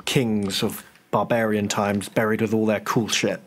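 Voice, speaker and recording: A man's voice: fairly low pitch, level tone, unhurried, fairly bright tone. A man co-hosting a gaming video, joking around and laughing often. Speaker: let's play co-host. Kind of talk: casual gaming chat.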